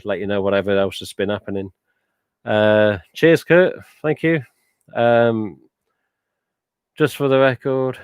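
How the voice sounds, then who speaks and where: A man's voice: lowish voice, no room sound. A man hosting a casual live stream, rambling chattily with lots of "uh" and "but yeah" as he reads out viewer comments. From England.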